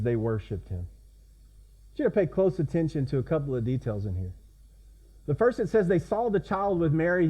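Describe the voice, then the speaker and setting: A man's voice: a little high, highs cut off. A man preaching a sermon as pastor, in a conversational way that keeps asking the congregation questions.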